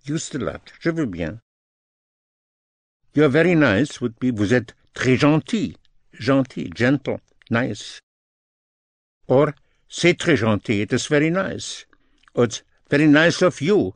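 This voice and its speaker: A man teaching French phrases as a language lesson, speaking slowly and deliberately, repeating each phrase in English and French. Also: mid-range voice, animated, dry recording.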